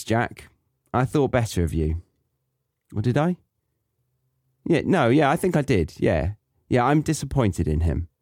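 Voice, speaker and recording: A British man hosting a podcast reads a children's story aloud, adding wry, joking asides as comic commentary. His medium-pitched voice is a little mellow, with no room sound.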